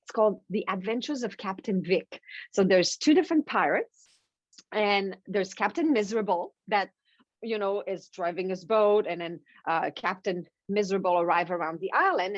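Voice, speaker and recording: A woman speaking as a podcast guest, explaining with lively energy and acting out examples. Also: mid-range voice, dry recording, lo-fi sound. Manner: lively, repeats words, acts out examples. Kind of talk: animated explanatory talk.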